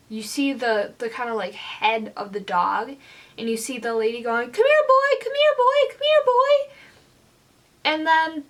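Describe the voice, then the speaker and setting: A young woman vlogger ranting angrily to camera, swearing often and filling pauses with "like". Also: mid-range voice. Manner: heated, swearing, lots of fillers. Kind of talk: angry rant to camera.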